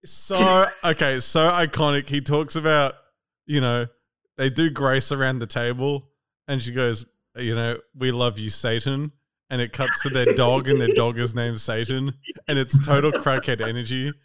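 A man's voice: mid-range voice, fairly even intonation, moderate pace, a crowd in the background. A man hosting a podcast in casual chat, chatty and laughing often, swearing freely. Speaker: podcast host.

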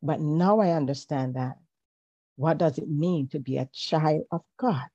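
A woman, a podcast guest telling a personal faith story in a reflective, hesitant way with frequent pauses. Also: low voice, mellow, no room sound. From Jamaica. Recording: dull, lo-fi recording.

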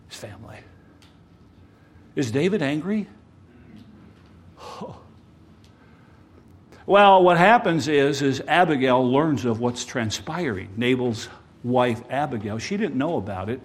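Male preacher mid-sermon, mid pitch, goes loud then quiet, keeps asking the crowd stuff. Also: a little slow, long pauses. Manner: animated, swings between loud emphasis and quiet asides, addresses the congregation.

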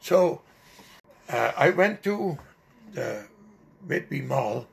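An older man slowly recounting a personal memory in an interview, halting often with fillers and restarts. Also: fairly high pitch, lively intonation, vocal fry. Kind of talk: personal storytelling.

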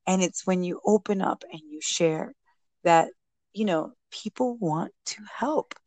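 A woman guest and mother telling a personal story in a casual interview, animated and acting out what people said. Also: fairly low pitch, measured pace, dry recording. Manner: animated, acts out quoted speech.

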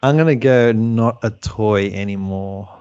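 Man, mid pitch, dull dry mic, hesitant casual chat. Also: measured pace, darkish tone, clear, resonant tone, dry recording. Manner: hesitant, second-guessing. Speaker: podcast co-host.

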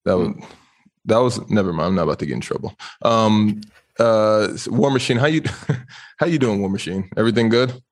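A man's voice: on the low side, animated, fairly quick. A man hosting a casual stream chat, chatty and teasing, asking a guest questions. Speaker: host.

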